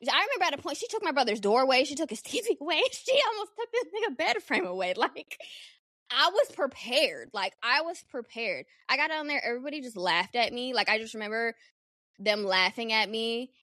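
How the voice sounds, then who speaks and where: A young adult woman hosting a solo podcast, telling a personal story in a candid, animated, profane way. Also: high voice, brisk, no echo, clean studio sound. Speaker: podcast host.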